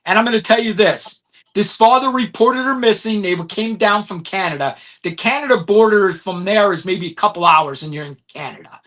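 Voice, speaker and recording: Forceful, emphatic podcast co-host man. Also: sits high, normal speed. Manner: emphatic, heated storytelling. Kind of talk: casual podcast chat.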